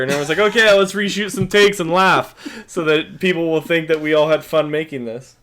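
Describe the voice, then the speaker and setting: Higher-voiced man mocking a film. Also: brisk, few pauses, fairly bright tone. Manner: mocking, acts out quotes. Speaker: podcast co-host. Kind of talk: casual movie review chat.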